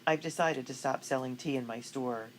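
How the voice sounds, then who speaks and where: A woman's voice: a bass voice, normal speed, slight background noise, poor audio. A woman voicing a grown male colonial shopkeeper in a storybook, speaking steadily and firmly. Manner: steady, firm.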